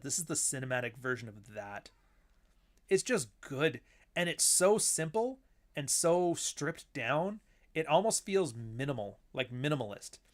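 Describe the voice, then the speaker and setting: A man who writes books, riffing casually on old films. He rambles, swears freely and acts out quoted lines. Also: mid-range voice. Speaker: author and host. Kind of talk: casual film commentary.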